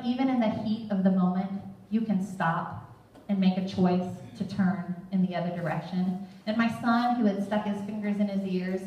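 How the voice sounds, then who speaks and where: A woman's voice: on the low side, lo-fi sound. A woman giving a sermon-style Bible teaching, talking earnestly and conversationally. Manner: earnest, conversational, quotes scripture. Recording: very echoey room from far off.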